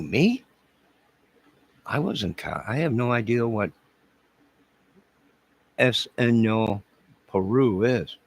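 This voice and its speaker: Here a man with a lowish voice, captured on a rough recording, hosts a YouTube live stream and fires back at viewer comments. His rambling replies are crude, combative, mocking and sarcastic.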